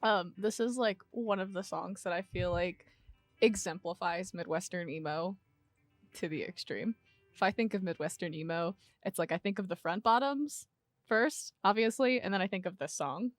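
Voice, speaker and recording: A woman's voice: fairly low pitch, normal speed, dry recording, soft background music. A young woman co-hosting a college radio show, chatting casually and gushing with self-mocking humor. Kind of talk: casual chat. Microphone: studio mic.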